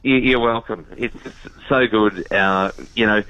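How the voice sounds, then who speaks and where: Admiring male caller, low voice. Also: fairly even intonation, measured pace, a little hiss or hum. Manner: warm, admiring, slightly hesitant. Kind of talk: talkback call-in. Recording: muffled dry phone line.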